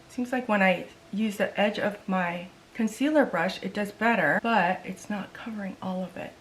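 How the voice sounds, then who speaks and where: A woman's voice: medium pitch, fairly bright tone, slight background noise. A woman beauty vlogger in a casual makeup try-on vlog, chatty and exasperated, talking straight to her viewers.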